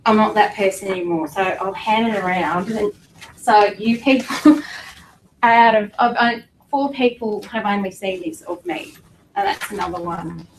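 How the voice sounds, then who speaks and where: A middle-aged woman giving an emotional personal testimony to an audience, halting and fighting back tears. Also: medium pitch, slight background noise. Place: meeting room with an audience. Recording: echoey room from a distance with faint ambience.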